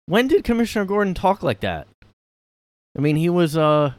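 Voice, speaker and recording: A man's voice: high-pitched, sing-song, normal speed, darkish tone, dry recording. A man hosting a casual solo podcast from his room, rambling and sarcastic, with lots of fillers and the odd swear. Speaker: podcast host.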